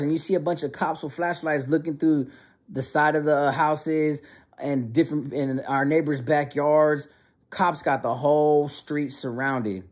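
A young man telling a funny childhood story in an animated, slangy way. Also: a little high, slightly rough. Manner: animated, slangy, many restarts. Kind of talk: casual storytelling.

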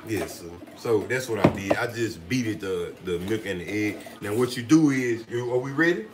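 A man's voice: fairly low pitch, normal speed, very noisy. A man speaking while cooking in a home kitchen, chatting in a playful, teasing way and often asking "you understand me?". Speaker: co-host cooking on camera. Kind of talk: casual joking chat while cooking.

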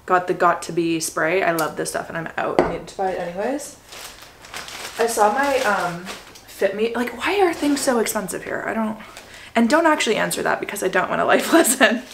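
A young Canadian woman in her twenties, chatting excitedly to her viewers as she shows off her shopping haul. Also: mid-range voice, moderate pace, creaky, slight background noise. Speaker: vlogger. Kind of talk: casual haul vlog.

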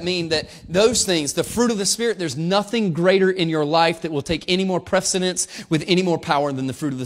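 High-voiced fervent male preacher. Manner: emphatic, rising to fervent preaching, addresses congregation. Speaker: pastor. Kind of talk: sermon.

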